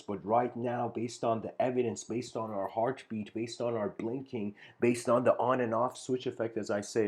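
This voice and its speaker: A man's voice: mid-range voice, a little mellow. A man giving an informal philosophical lecture, rambling with many fillers and restarts.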